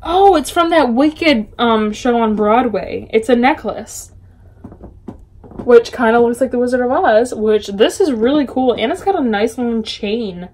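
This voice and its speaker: A woman excitedly unboxing a package in her bedroom for a casual book vlog, gushing and chatty. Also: a little high, a little slow. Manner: gushing, chatty, full of little gasps and exclamations. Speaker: book vlogger.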